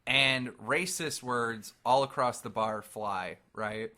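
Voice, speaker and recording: A young man co-hosting a casual podcast, telling animated stories and laughing often. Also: medium pitch, slow pace. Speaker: podcast co-host.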